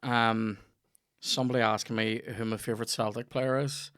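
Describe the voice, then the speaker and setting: A Northern Irish man at mid pitch hosts a laid-back comedy podcast. He spins long, meandering anecdotes full of swearing and asides, talking to his guest like an old friend. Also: little pitch movement, normal speed, fairly bright tone, clean tone. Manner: rambling anecdotal storyteller, sweary. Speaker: podcast host. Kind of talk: casual comedy podcast chat.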